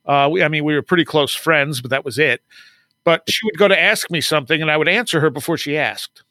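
A man's voice: on the high side, fast, bright, forceful tone, no room sound. A man guest on an interview podcast, telling stories casually, acting out quoted dialogue and laughing often. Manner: chatty, acts out quoted dialogue, frequent laughs. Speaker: podcast guest, author and paranormal researcher.

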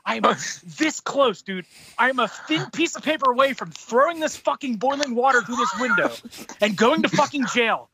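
A man tells a story in casual talk, swearing constantly. He gets animated and heated as he goes, acting out each side of the exchange. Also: extremely high pitch, moderate pace, noisy background. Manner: profane, heated, animated retelling.

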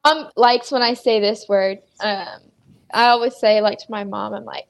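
A woman's voice: medium pitch, fairly even intonation, moderate pace, creaky, clean tone. A woman hosting a podcast in casual chat, joking and laughing, swearing casually. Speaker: podcast host.

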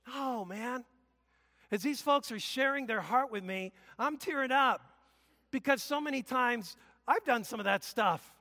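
Male pastor, conversational preacher with loud bursts; tense, forceful tone, long hall echo. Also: very high voice, measured pace. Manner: emphatic, conversational preaching with sudden loud exclamations. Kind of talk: sermon. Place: church sanctuary.

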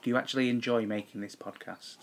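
A man's voice: mid-range voice, fairly even intonation, fast. A man, co-hosting a podcast in playful casual chat. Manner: playful, repeats himself patiently. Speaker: podcast co-host. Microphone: podcast mic with headphones.

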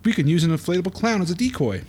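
A man's voice: sits high, very animated, very fast, darkish tone, a little hiss or hum, voice pushed up. A man doing a quippy cartoon guy. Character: young cartoon guy in 3D glasses.

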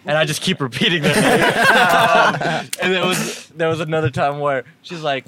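A man's voice: a little high, brisk, few pauses. A young man from the Middle East tells a story in a slightly raised voice, laughing easily and acting out each person in the scene. A faint hum sits under his voice. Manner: animated, laughing storyteller acting out both sides of conversations. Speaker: podcast host telling a story. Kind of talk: casual storytelling chat.

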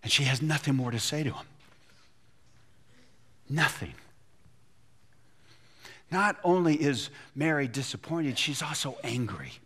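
A man's voice: mid-range voice, animated, a little slow, pauses often, bright, forceful tone, a little hiss or hum. A man preaching a sermon, retelling a scripture story and acting out the quotes with feeling. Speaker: pastor.

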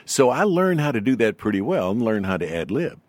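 An older man with a faint Southern accent, telling stories as an interview guest in a polished, unhurried announcer's delivery. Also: medium pitch, big pitch swings, a little mellow, no room sound. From Southern United States. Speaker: guest, veteran broadcaster. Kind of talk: storytelling in an interview.

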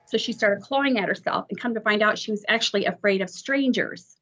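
A woman's voice: medium pitch, a little fast, fairly bright tone, slightly rough. A woman who works as a drive examiner, telling a long story from the job in a chatty, self-deprecating way. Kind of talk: storytelling in an interview. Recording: muffled audio.

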